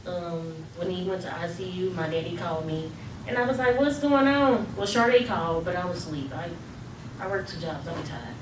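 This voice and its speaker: Tired young woman, soft-spoken. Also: fairly low pitch, fairly quick. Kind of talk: casual personal testimony. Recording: echoey room, far mic, noisy.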